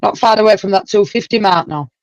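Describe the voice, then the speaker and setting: A woman hosting a casual livestream chat, talkative and quick to exclaim. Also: medium pitch, dry recording, lo-fi sound. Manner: chatty, exclaims and laughs often. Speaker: livestream host.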